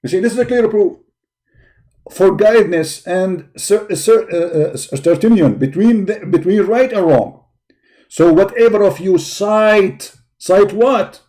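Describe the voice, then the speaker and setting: Taking it slowly in a high-pitched, warm voice, a man hosts a live call-in debate stream. He sounds tired, yet keeps up combative commentary while searching a website, insulting and mocking opponents with emphatic repetition.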